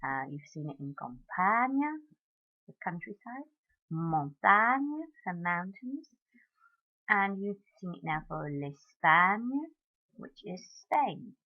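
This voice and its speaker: A woman French teacher talking her class through marking answers in a recorded lesson, modelling each French word clearly. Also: lowish voice, sing-song, takes it slowly, phone-quality sound.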